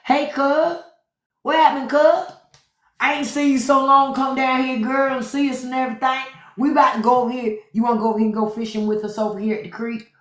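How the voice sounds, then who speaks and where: A man voicing an excited Southern cousin with a North Carolina accent, chattering high and fast as he invites family down. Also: roomy sound.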